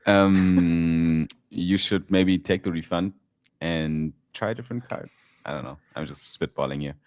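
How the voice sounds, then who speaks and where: A man hosting a live stream and podcast, relaxed and chatty, often laughing and using fillers. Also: low voice, measured pace, dry recording, clean studio sound. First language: German. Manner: laid-back, laughing, fillers. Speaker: podcast host. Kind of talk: casual live-stream chat.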